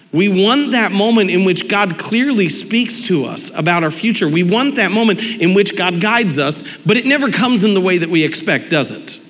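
Male pastor, casual animated sermon, high voice, long hall reverb. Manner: conversational, animated, acts out quoted dialogue. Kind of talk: lively sermon with audience interaction.

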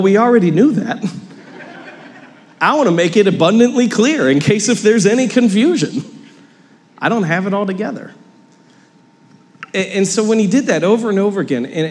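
A young male pastor tells a story from the pulpit and keeps poking fun at himself. His voice sits a little high for a man. The sound carries a long hall echo, as in a church. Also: darkish tone. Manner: storytelling with self-mocking humor. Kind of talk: sermon. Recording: hall reverb.

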